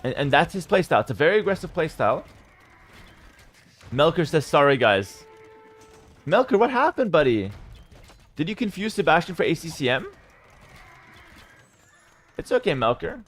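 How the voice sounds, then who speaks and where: A man streaming live esports commentary, talking straight to his chat, firing off quick play-by-play and breaking into excited outbursts. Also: a little high. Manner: chats to viewers as "guys". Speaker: streamer casting a game.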